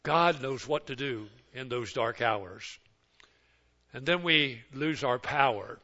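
An older man preaching a sermon, folksy and story-driven. He swings between loud, emphatic exhortation and slow, hushed passages. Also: mid-range voice, expressive. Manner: folksy storytelling that acts out others' words. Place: church service. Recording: muffled lo-fi recording.

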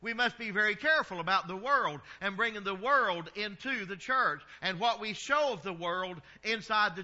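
High, bright-voiced Southern pastor preaching. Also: male voice, dull audio. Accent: Southern American. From American South. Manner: folksy preaching, drawn-out vowels, chuckles at his own stories. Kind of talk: sermon.

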